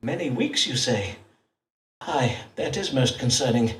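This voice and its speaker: An actor playing a self-important Elizabethan astrologer-doctor in a game, speaking in grand, archaic phrases. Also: male voice, medium pitch, lively intonation, unhurried, a bit bright, echoey room, far from the mic. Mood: grandiloquent. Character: pompous Elizabethan astrologer-doctor, adult man.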